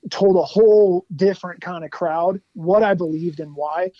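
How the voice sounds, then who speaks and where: High-voiced man telling animated stories. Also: normal speed, no echo, lo-fi sound. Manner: animated, laughs often, lots of "like". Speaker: guest musician. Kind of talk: casual storytelling interview.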